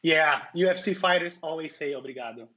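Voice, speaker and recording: A livestream host from Brazil speaks with a heavy Brazilian Portuguese accent, chatting casually and answering viewers' comments. His voice is on the high side, fairly quick and sharp, and the audio is lo-fi.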